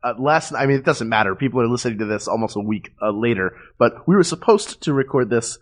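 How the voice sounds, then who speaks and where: A man's voice: mid-range voice, lively intonation, fast talker. A man co-hosting a casual podcast, playful and rambling, chuckling through his jokes. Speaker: podcast co-host. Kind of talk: casual chat.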